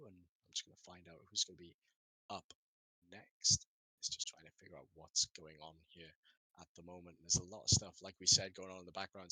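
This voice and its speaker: A man's voice: on the low side, pushed and bright, no echo, rough recording. Chatty man casting esports. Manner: rambling, self-mocking, laughs often. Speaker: esports caster. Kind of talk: live esports commentary.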